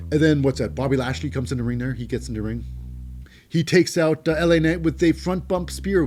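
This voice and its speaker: A man's voice: a little high, darkish tone. A man hosting a wrestling show, giving a casual, rambling recap with many fillers and restarts.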